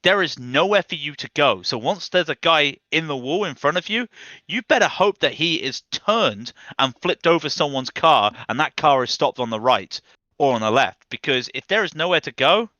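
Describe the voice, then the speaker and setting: A man's voice: on the high side, lively intonation, moderate pace, pushed and bright, dry recording, muffled recording. A man commentating a sim race broadcast in a chatty, jokey way, laughing easily.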